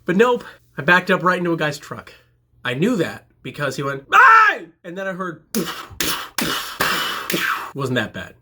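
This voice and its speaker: A man telling a comedic story about himself in an animated, self-mocking way. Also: on the high side, moderate pace, long pauses, slight background noise.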